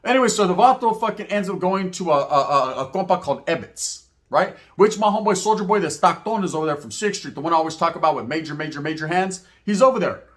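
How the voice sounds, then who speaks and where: A man from Merced telling a story in casual talk, slangy and animated, acting out the people in it. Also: high voice, fast talker, few pauses. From Merced, California. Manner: slangy, animated, acts out quotes in voices.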